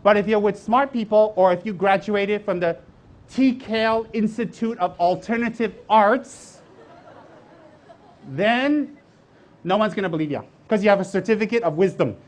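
A man teaching as a Buddhist teacher in a dharma talk, animated and joking, with many rhetorical questions and acted-out voices of others. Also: sits high, moderate pace.

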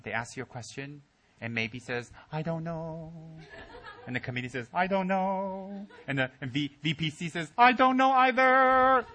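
A man's voice: mid-range voice, a bit bright. A man teaching at a Buddhist center, giving a humorous Dharma talk with teasing asides and mock voices.

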